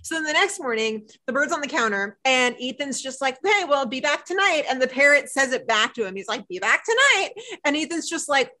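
A woman co-hosting a casual podcast, retelling a TV episode in animated chat and acting out the dialogue. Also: sits high, brisk, hardly any pauses. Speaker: podcast co-host.

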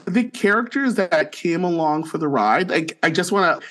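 A man's voice: a little high, lively intonation, moderate pace, a bit bright. A man co-hosting a podcast in casual chat, gushing enthusiastically and acting out scenes in quoted voices. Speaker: podcast co-host.

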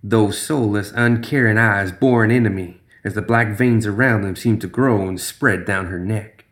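A man's voice: on the low side, moderate pace, fairly bright tone. Man narrating a tense horror story.

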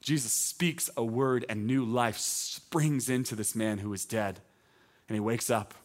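A male teaching pastor preaching a sermon in a conversational, emphatic way that climbs to loud proclamations. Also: medium pitch, a little slow.

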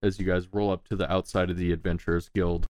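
Low-voiced man narrating a tabletop game. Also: little pitch movement, fast, darkish tone, no room sound. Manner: loose, laid-back narration with casual swearing. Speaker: game master.

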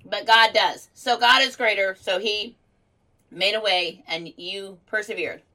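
A woman co-hosting a radio show with a bright, forceful voice. She speaks in a reassuring, preacherly manner during their casual chat. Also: medium pitch, fairly even intonation, unhurried, poor audio.

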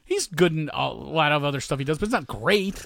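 A middle-aged man chatting casually as a podcast co-host, rambling and restarting, quick to laugh. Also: a little high, lively intonation, creaky, a bit bright, slight background noise. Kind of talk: casual chat.

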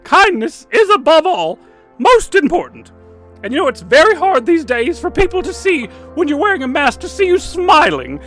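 A man's voice: very high voice, wildly swooping pitch, normal speed, fairly bright tone, soft background music, pitched above the performer's own voice, heavily acted. A man voicing a prim, fussy older woman who gives etiquette tips and calls everyone dear. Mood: prim advising. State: a little out of breath. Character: prim, fussy old lady etiquette expert. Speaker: comedy sketch character. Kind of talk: comic sketch on a radio show.

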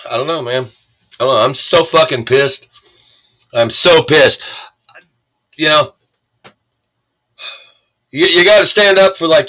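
A man's voice: mid-range voice, sharp tone, rough recording. Angry, swearing man ranting. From United States. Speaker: commentator reading the news. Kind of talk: profane political rant.

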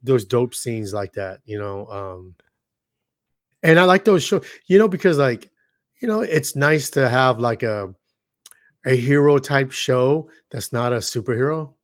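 A man co-hosting a casual podcast, excitable and full of slang, who jumps into little acted-out bits as he talks. His voice sits at an ordinary middle pitch. The sound is dry and close. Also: measured pace, no room sound. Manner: animated, excitable, acts out scenes with slang. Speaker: podcast co-host. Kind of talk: casual chat.

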